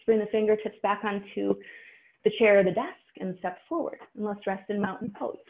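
A woman teaching a guided yoga class, calmly cueing breaths and poses. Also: medium pitch, brisk. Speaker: yoga instructor. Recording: tinny phone-like audio.

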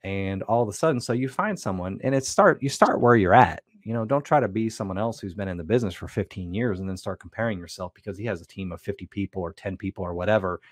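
A man's voice: low-pitched, quick pace, few pauses, no echo, clean studio sound. A man co-hosting a casual business talk, speaking in a reflective coaching way with frequent restarts. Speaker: podcast co-host.

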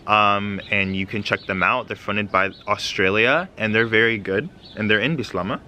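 Bright-voiced man teaching a language. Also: lowish voice, a little hiss or hum. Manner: patient and explanatory, repeating phrases slowly for learners. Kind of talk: casual video language lesson.

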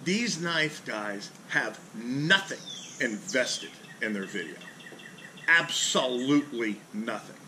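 A man's voice: mid-range voice, lively intonation, slow pace. Blunt, profane man ranting outdoors. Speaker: fishing charter captain and channel host. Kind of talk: casual ranting vlog. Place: outdoors in a driveway under a carport. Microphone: camera mounted on the back of a boat. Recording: outdoor camera audio with clear ambient noise.

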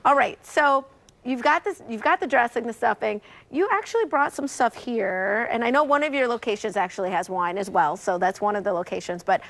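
A woman's voice: a little high, a little fast, fairly bright tone. A woman hosting a midday TV show, chatting playfully and eagerly with a guest in a studio. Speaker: TV show host. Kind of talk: lively studio chat.

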